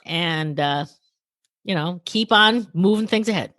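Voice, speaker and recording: A woman guest telling stories in an interview, acting out quoted dialogue, her voice a little worn and hoarse. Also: lowish voice, measured pace, dry recording, clean studio sound. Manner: animated, acts out quoted dialogue. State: losing her voice. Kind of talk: storytelling interview conversation.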